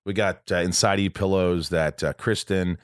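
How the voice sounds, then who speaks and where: A man's voice: low voice, fairly even intonation, moderate pace, smooth, no echo, clean studio sound. An American man hosting a podcast from a room at his home, talking casually and rambling with lots of fillers and restarts. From United States. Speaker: podcast host.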